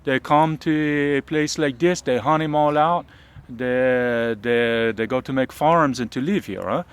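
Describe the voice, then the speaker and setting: A man's voice: mid-range voice, a little slow, clear, resonant tone, pitched above the performer's own voice, close to an everyday voice. A man playing an aggrieved eighteenth-century French trapper who speaks broken English with a French accent and keeps adding huh and eh, recorded outdoors.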